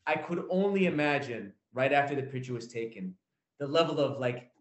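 A man's voice: medium pitch, lively intonation, fairly quick. A man co-hosting a podcast in casual chat, joking, blunt and crude. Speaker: podcast co-host. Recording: echoey room.

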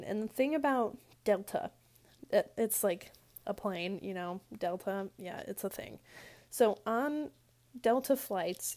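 A woman's voice: mid-range voice, darkish tone. A young woman telling a rambling story in a casual chat style, full of fillers and asides. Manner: rambling, chatty, lots of "like" fillers. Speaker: vlogger.

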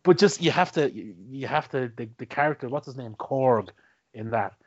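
A man talking movies with a friend, with a lively, bouncing pitch that swings up whenever he gets excited. He laughs a lot, restarts his sentences and drops the odd swear word. The sound is a bit dull and lo-fi. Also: normal speed. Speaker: podcast co-host. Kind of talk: casual chat about movies.

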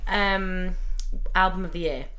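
A woman in her fifties, with a voice on the low side, co-hosts a casual podcast. She teases her co-host affectionately in a motherly way. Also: unhurried, sharp tone. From Britain. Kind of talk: casual chat.

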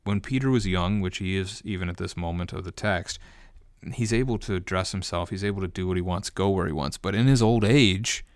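A man with a very low, deep voice walks through a scripture passage in a relaxed, unscripted teaching style, thinking aloud and sometimes restarting a phrase. The recording is dry and close, with no room sound. He speaks as a pastor explaining the text. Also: fairly quick, dry recording. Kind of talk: unscripted bible study commentary.

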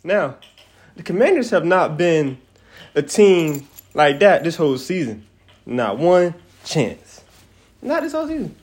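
A young man hosting his own podcast, chatting casually in an animated, rambling way and swearing freely. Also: on the high side, slow, breathy edge. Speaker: podcast host. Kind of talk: casual solo podcast chat.

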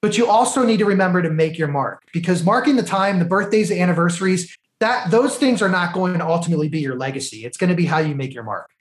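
A man's voice: high-pitched, lively intonation, quick pace, hardly any pauses, echoey room. A man, a podcast co-host, eagerly retelling a film plot and drawing life lessons from it in casual conversation.

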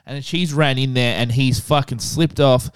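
A man's voice: mid-range voice, normal speed, smooth, no echo. A man hosting a podcast, telling a story in a crude, joking way. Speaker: podcast host. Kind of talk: casual comedic chat.

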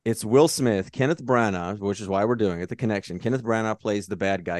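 A man with a fairly low voice co-hosts a movie podcast in a loose, casual chat. He swears freely and gets animated talking about films. The recording is close and dry, with almost no room sound. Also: brisk, few pauses, no echo. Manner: profane, animated movie talk. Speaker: podcast co-host.

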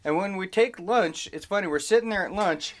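Middle-aged guy, kinda high voice, rambling swear-y stories on a podcast. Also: fairly quick. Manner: rambling, profane anecdotes with acted quotes. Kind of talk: casual podcast chat.

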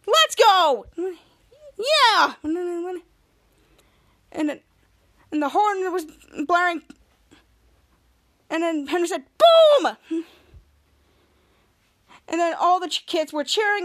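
A woman's voice: very high voice, a bit bright. A woman hosting a podcast, casually recapping a TV episode and acting out the characters' lines as she goes. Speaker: podcast host.

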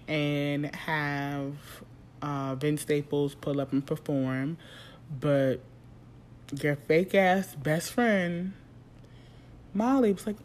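A podcaster in their thirties carries a solo monologue, talking straight to listeners. The delivery is loose, slangy and profane, swinging into loud, high bursts of emphasis before dropping back to a low, confiding tone. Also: measured pace. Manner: candid, slangy and profane, with big emphatic jumps in pitch and volume. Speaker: podcast host.

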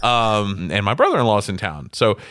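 An upbeat male podcast co-host with a lively, rising and falling voice. He keeps things conversational and moves the talk along with questions. His sound is dry and close. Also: fairly low pitch, normal speed, no echo. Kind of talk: casual podcast chat.

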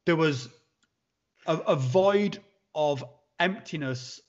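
A man, a podcast guest telling a long personal story in a halting way, with many restarts and fillers. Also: fairly high pitch, animated. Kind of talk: conversational storytelling. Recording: dull lo-fi sound.

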